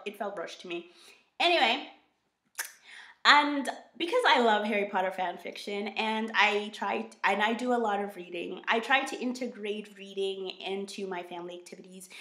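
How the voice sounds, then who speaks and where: A woman with an American accent chatting in a bubbly, expressive way on her book vlog. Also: mid-range voice. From United States. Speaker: book vlogger. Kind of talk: casual vlog chat. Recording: roomy echo.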